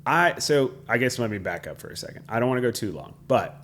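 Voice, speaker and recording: A man in his forties co-hosting a podcast, telling stories in a casual, animated way and swearing freely. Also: mid-range voice, fast talker, slight background noise. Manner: animated storyteller who swears freely and acts out quotes. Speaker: podcast co-host. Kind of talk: casual storytelling chat.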